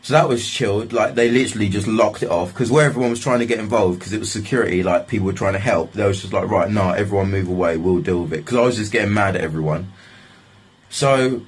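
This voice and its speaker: A man's voice: fairly low pitch, fast talker, husky, poor audio. A young man telling a story in a casual, rambling way, swearing often and leaning on filler phrases. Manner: swearing, rambling, repeats "like, literally".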